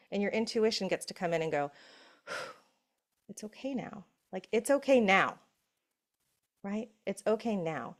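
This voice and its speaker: Middle-aged woman, motivational summit talk, chatty with frequent "right?", drops to soft hushed affirmations. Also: medium pitch. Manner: warm, conversational, often asks "right?". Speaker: summit speaker. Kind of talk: motivational talk on breath and safety.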